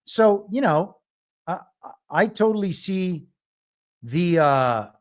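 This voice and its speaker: A man's voice: sits high, animated, slow pace. A man hosting a live political commentary show alone, wry and argumentative, often laughing at his own jokes. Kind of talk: live solo commentary stream.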